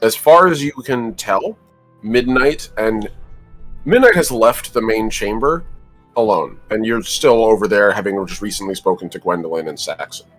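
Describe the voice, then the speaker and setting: A man's voice: lowish voice, animated, moderate pace, fairly bright tone, faint music behind. A man acting as game master and narrating a tabletop game in a rambling, descriptive way, with many filler words.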